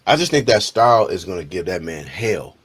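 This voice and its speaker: A man co-hosting a casual boxing chat, laid-back and slangy, quick to laugh. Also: sits low, big pitch swings, a bit bright, slightly rough.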